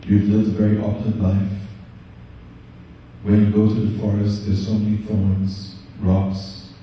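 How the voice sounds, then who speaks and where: Brief: firm young prince, voiced by a male storyteller, measured, mellow, distant mic, faint ambience. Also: fairly low pitch, completely flat delivery, lo-fi sound, a little hiss or hum, natural voice. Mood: cautioning. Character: firm young prince husband, steady and commanding. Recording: echoey room, distant mic.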